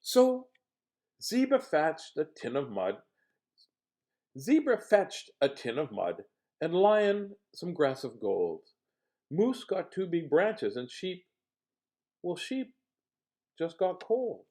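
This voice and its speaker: A man's voice: a little high, very animated, takes it slowly, pauses often, dark tone. A man reading a picture book aloud, playful with jokes and asides. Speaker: storybook reader.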